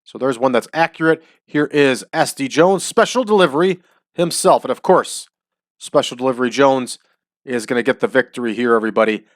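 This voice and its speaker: A man's voice: medium pitch, no echo. Guy chatting through his wrestling booking game, hypes stuff up, dry close sound. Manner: chatty, drawn-out hype calls. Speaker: wrestling sim game host. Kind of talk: casual game commentary.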